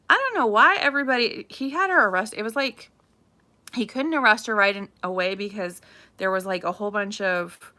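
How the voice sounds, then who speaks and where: Woman, bright voice, chatty, gossipy livestream talk, from Florida. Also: medium pitch. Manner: chatty, animated, says "craziness" often. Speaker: realtor livestream host. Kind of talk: casual gossipy livestream chat.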